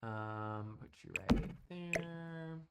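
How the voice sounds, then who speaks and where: A man chatting loosely on a live stream, in a teasing, chatty way with plenty of casual swearing. He talks at an unhurried, drawn-out pace from home, rambling to his viewers as he plays. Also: a little high, expressive, heavy background noise. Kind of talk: casual live-stream chat while gaming.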